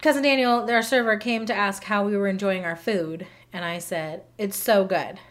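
A woman's voice: medium pitch, fairly even intonation, normal speed, a bit bright. A young woman co-hosting a podcast, chatting casually and telling stories with lots of "like" and "um". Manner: chatty storyteller, filler words like "like" and "um". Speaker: podcast co-host. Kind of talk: casual chat.

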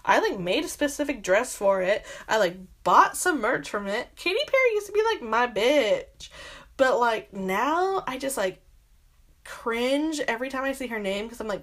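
A woman's voice: on the high side, expressive, moderate pace, a bit bright. A young adult woman hosting a podcast, rambling through exasperated gossip commentary with constant filler words and frequent swearing. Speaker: podcast host.

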